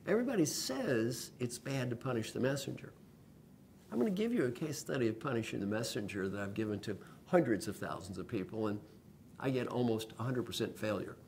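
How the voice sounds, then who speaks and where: An older man delivering a coaching talk. His pitch rises and falls a great deal as he acts out the people in his stories. A faint rumble sits under the recording. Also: moderate pace. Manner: animated storyteller who acts out quoted voices. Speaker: executive coach. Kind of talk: lecture-style video blog.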